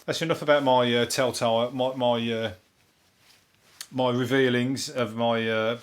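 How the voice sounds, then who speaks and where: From England, this man with a Brummie accent hosts a topical comedy podcast, rambling through the news in a dry deadpan way with lots of swearing and filler words. His medium-pitched voice is smooth and unhurried.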